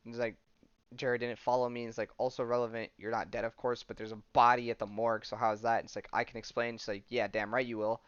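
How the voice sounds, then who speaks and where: A man's voice: mid-range voice, flat delivery, quick pace, a bit bright, clear, resonant tone, dry recording, muffled recording. A man casually retelling a comic book story on a podcast, rambling with lots of fillers. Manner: rambling, full of "she's like" and fillers. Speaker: podcast host.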